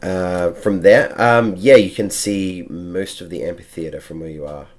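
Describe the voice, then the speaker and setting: A very low male voice guiding players through a tabletop game. He hesitates often and fills gaps with ums and uhs while he describes the scene. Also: steady tone, a little slow. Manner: hesitant, many fillers. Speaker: game master.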